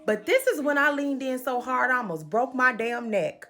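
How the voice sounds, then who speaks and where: A woman tells a comedic recap in a sassy, animated voice that is high and swings widely in pitch. Her tone is bright and sharp, and she drops swearing asides. Faint music runs underneath. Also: moderate pace.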